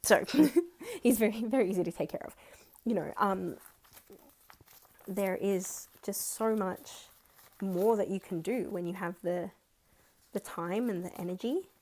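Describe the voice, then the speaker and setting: Excitable young Australian woman vlogger. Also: mid-range voice, unhurried, pauses often. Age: 20s. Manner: excitable, gushing, counts money aloud. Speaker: budgeting vlogger. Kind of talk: casual chat.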